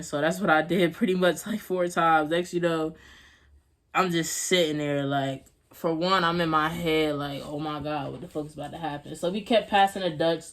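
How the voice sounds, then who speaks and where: A young woman vlogging at home, telling a casual story in a rambling, slangy way with laughs. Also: low voice.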